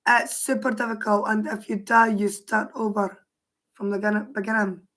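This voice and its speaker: A Scottish woman with a hoarse, worn voice, chatting casually on a livestream and answering her viewers' comments aloud. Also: mid-range voice, flat delivery, normal speed, fairly bright tone. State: hoarse, voice mostly gone.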